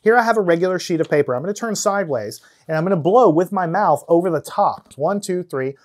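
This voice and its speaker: A man's voice: high voice, lively intonation, quick pace, darkish tone. Man explaining physics demos. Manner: explains step by step, counts down before each demo. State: out of breath at times from blowing. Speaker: science teacher. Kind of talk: hands-on physics demonstration.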